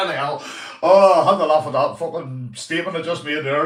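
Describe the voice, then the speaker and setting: A man's voice: fairly high pitch, normal speed, far from the mic. A man with a Northern Irish accent hosting a casual livestream, chatting to viewers by name and swearing freely. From Northern Ireland. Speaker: livestream host. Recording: roomy echo, voice away from the mic.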